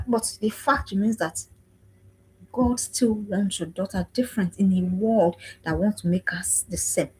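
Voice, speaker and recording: Heard through a rough livestream recording, a woman in her 40s from Africa preaches on parenting in a mid-range voice with a darkish tone and a breathy edge. She is emphatic, repeats phrases, and asks listeners whether they understand.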